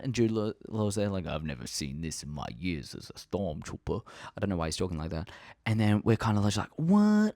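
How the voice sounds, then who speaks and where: A young man hosting a fan channel, chatting casually and excitedly about theories, rambling, swearing freely and laughing at himself. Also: lowish voice, no echo, studio quality.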